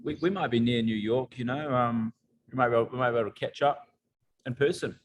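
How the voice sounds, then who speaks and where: Hesitant New man. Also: mid-range voice. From New Zealand. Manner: halting, with many restarts. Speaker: band member. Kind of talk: casual interview chat.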